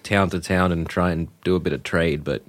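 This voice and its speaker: A man's voice: deep voice, steady tone, brisk. A man playing a tabletop game, talking in a hesitant, exasperated way. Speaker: player. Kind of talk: in-character tabletop play.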